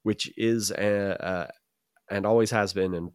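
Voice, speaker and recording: A man's voice: fairly low pitch, fairly even intonation, unhurried, clear, resonant tone, no room sound. A man who grew up in Utah, co-hosting a casual chat show, rambling with repeats and dry jokes. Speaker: podcast co-host.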